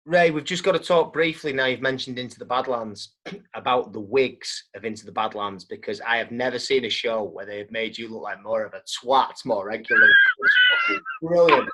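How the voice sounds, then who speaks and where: A man's voice: medium pitch, fairly even intonation, moderate pace, a bit bright. A male podcast host chats with his guest in a casual way. He halts and restarts often, in an ordinary mid-range voice. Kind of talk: casual interview chat.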